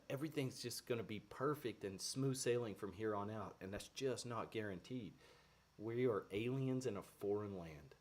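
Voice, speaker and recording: A man teaches a devotional in a relaxed, conversational way. He speaks earnestly, often pausing with fillers and restarting phrases. His voice sits somewhat low. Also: slight background noise.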